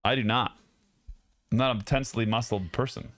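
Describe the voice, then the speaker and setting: A man's voice: mid-range voice, fairly even intonation, moderate pace, fairly bright tone, no echo, studio quality, faint music behind. A young man streaming live, chatting casually with his viewers and joking and laughing a lot.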